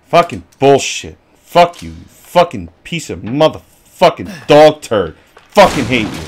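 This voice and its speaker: A man commenting on his own horror game play, cursing angrily and talking back at the game. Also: medium pitch. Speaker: gaming video host. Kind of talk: profane let's-play commentary.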